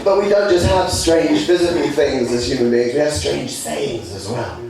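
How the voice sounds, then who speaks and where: A young man from England performing a stand-up comedy routine, lively, putting on high voices for the people he quotes. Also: moderate pace, gravelly, crowd noise. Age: young adult. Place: student comedy stage. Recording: echoey room from far off with audience laughter.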